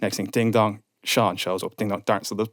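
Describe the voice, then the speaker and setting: A man's voice: on the low side, brisk, dry recording, studio quality. A man, a podcast guest in his thirties, telling a story and acting out what people said. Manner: animated storyteller, acts out quotes. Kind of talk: casual podcast chat.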